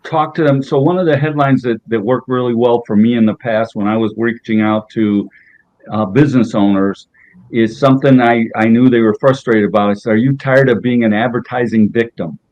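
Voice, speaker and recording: A man's voice: medium pitch, fairly even intonation, a little fast, a little mellow. A man on a panel speaking conversationally and repeating words now and then. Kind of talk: casual chat. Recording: muffled lo-fi audio.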